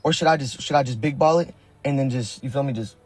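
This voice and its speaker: Streaming live amid a noisy background, this young prank video maker from California's Sacramento area chats with viewers in slang. He speaks fast at a medium pitch, nervous, with repeated oaths.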